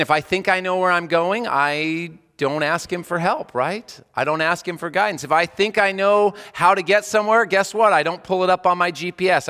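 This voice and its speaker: Male chaplain preacher, 30s, bright, slightly high voice, chatty sermon delivery, long hall reverb. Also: clear, resonant tone. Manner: conversational, rhetorical questions, drops soft for prayers.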